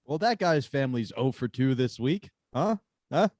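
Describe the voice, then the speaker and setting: A man's voice: medium pitch, animated, normal speed, a little mellow, dry recording. A man hosting a podcast, joking around and chatting casually. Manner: joking, laughs between lines. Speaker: podcast host. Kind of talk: casual chat.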